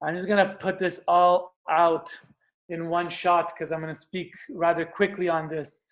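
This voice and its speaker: A man giving an earnest, animated motivational talk as a spiritual teacher, sometimes acting out what he describes. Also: on the high side, measured pace, lo-fi sound. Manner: earnest, animated, acts out screams and stomps.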